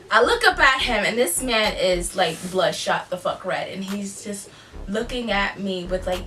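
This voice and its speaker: A young woman vlogger telling a personal story in a candid, profane, animated way. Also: mid-range voice, far from the mic, a little hiss or hum. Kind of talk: casual storytime. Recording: voice off-mic with faint music.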